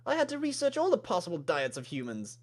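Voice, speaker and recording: A man voicing a sweet, cheerful non-human girl student in a bubbly falsetto. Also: huge pitch swings, fast, heavily acted. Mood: earnest.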